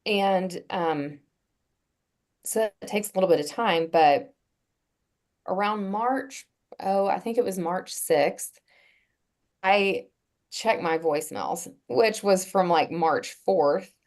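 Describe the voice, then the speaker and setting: A woman guest on a podcast, telling a personal story in a casual, earnest way, pausing often with fillers and restarts. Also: fairly low pitch, darkish tone. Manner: halting, with frequent "um" and restarts.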